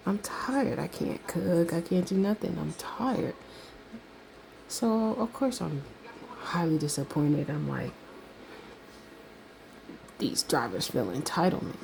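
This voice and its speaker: A middle-aged woman telling a casual story about a delivery, animated, laughing and acting out the other voices. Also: on the low side, creaky, slight background noise, poor audio. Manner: animated, laughs often, acts out quoted voices.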